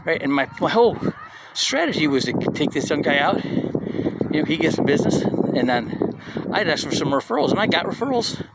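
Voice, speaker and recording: A man's voice: fairly high pitch, very animated, moderate pace, gravelly, heavy background noise. A middle-aged man giving a casual motivational talk, telling personal stories in a loose conversational way and often checking in with "right?". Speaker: speaker at a community live session.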